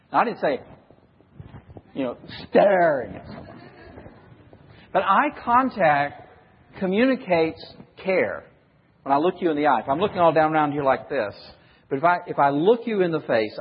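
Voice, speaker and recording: A man's voice: fairly high pitch, breathy edge. A man preaching a sermon to a congregation, questioning the listeners and acting out examples. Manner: questions the audience and acts out examples. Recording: dull recording with long hall reverb.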